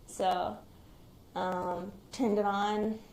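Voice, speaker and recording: A young woman, an active military member who survived a shooting, recounts her experience in an interview. She's hesitant, reflective, and quiet-spoken, with a medium-pitched, level voice and drawn-out words. The recording is roomy, with faint background noise.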